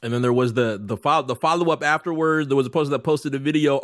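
A man co-hosting a podcast in casual chat, animated and joking, laughing often. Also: mid-range voice, fast talker, no echo, clean studio sound. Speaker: podcast co-host.

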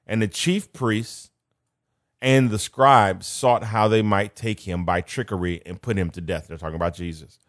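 A man's voice: on the low side, moderate pace, no echo, clean studio sound. A man preaching a sermon in a conversational way, repeating key phrases for emphasis.

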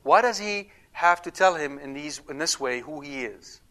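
A man teaching a Bible study, talking conversationally, asking his listeners questions and slowing down to stress key words. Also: fairly high pitch, expressive, sharp tone. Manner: emphatic, slows to stress words.

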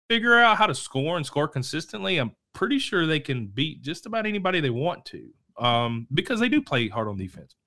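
A man hosting a local high school sports show, talking casually and rambling, correcting himself and coughing now and then. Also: sharp tone. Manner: rambling, self-correcting, chatty. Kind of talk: casual sports talk to camera.

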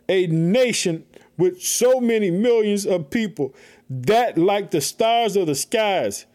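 Fervent high-voiced preacher man. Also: a little mellow. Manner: fervent, repeats "family" and "let me tell you something"; reads scripture slowly, then preaches in bursts. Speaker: preacher and podcast host. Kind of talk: sermon.

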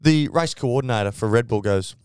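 A man co-hosting a casual sports podcast, telling stories with lively mimicry of team radio. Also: mid-range voice, brisk, clear, resonant tone, no echo, clean studio sound. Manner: animated storytelling, mimics radio chatter. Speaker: podcast co-host.

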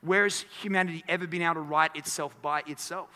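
Male pastor, sermon delivery, high bright voice, earnest and emphatic with stumbling restarts, in an echoing hall. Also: fairly even intonation, fast. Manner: earnest, builds to emphatic peaks, stammers restarts. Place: church hall. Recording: long church hall reverb.

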